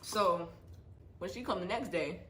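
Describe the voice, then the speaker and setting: Woman vlogger, animated storyteller, swears freely, echoey room. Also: on the low side, measured pace. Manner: animated, profane, acts out the quarrel. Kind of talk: casual storytime vlog. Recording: echoey room with faint background noise.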